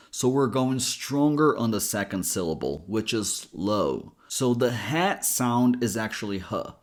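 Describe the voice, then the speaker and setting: Male pronunciation coach, mid-pitched, plain and direct, breaks words down slowly. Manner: direct, explains sounds slowly and models them. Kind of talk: pronunciation lesson.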